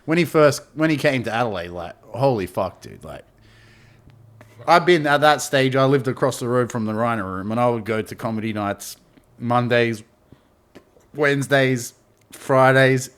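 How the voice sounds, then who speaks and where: A man's voice: medium pitch, normal speed, fairly bright tone. A man, a podcast guest telling stories in casual, heavily sweary chat, saying "bro" constantly.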